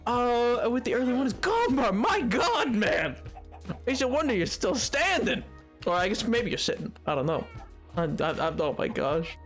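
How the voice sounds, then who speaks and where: A man's voice: very high voice, very animated, normal speed, fairly bright tone, soft background music. A man live-streaming a game, chatting playfully and joking with his viewers. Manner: playful and joking, talks to chat. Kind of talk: casual live-stream chat while gaming.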